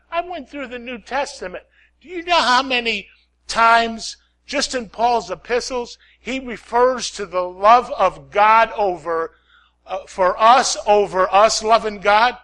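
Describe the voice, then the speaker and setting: A man preaching a sermon, swinging from loud calls to hushed prayer, repeating lines and asking "Amen?". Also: high voice, unhurried.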